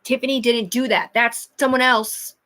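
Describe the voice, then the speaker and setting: A woman's voice: fairly high pitch, level tone, normal speed, bright, forceful tone. A woman talking to her livestream in a rambling, agitated, heavily profane rant.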